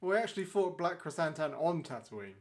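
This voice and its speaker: Podcast co-host, casual chatty, slightly high voice, swears. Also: male voice, lively intonation, brisk, a little mellow. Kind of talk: casual chat.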